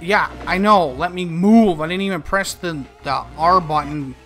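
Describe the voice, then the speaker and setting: A man's voice: fairly high pitch, moderate pace, a bit bright, faint music behind. A man doing casual let's play commentary, joking, swearing and talking back at the game.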